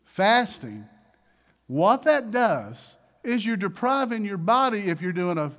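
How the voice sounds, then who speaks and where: A man preaching with a high, lively voice that leaps up and drops down. He acts out little voices as he goes and moves between loud bursts and soft asides. The delivery is animated and conversational, the way a pastor talks from the pulpit. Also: a little slow. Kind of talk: sermon.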